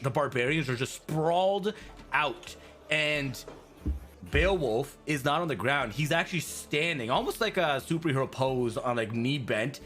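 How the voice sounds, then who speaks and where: A man running a tabletop game as game master, telling the scene in an animated way with lots of fillers. His pitch swings widely as he talks, and faint music plays under him. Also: a little slow. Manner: animated, laughing storyteller with filler words.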